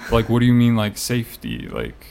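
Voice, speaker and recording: A man's voice: on the low side, sing-song, a little fast, gravelly, darkish tone. A man telling a story in casual chat. He rambles, fills his talk with "like" and swears now and then.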